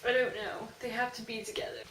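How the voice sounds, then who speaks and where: A young woman chatting casually about a book she read, gushing and animated, with lots of "like" between her thoughts. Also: a little high. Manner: gushing, fast and animated, heavy use of "like". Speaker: book reviewer. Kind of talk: casual book review chat. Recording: echoey room with faint noise.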